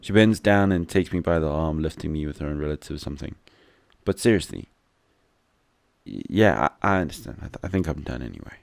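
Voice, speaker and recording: A man's voice: very deep voice, expressive, fairly quick, vocal fry, darkish tone, no room sound. A man reading a visual novel aloud as a gameplay commentator, adding wry, joking asides.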